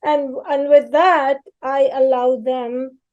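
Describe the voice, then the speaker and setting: High-voiced, mellow middle-aged woman. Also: fairly even intonation, slow, dull audio. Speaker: podcast co-host. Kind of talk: casual chat.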